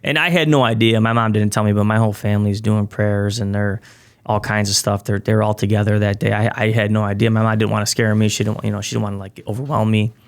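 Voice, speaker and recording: A man's voice: on the low side, quick pace. A man, a podcast guest, telling a personal story in casual conversation and acting out what other people said. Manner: animated, acts out quoted people.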